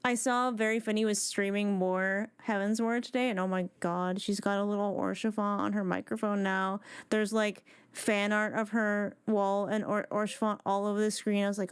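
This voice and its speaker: A woman's voice: mid-range voice, level tone, normal speed, hardly any pauses, clear, resonant tone. A woman live streaming from home on a desk microphone, chatting casually with her viewers and greeting them one by one.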